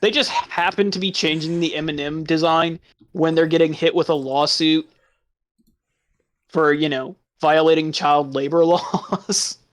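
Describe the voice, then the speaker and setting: A man's voice: fairly high pitch, steady tone, measured pace. A man chatting casually, laughing often through crude, sarcastic remarks. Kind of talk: casual chat.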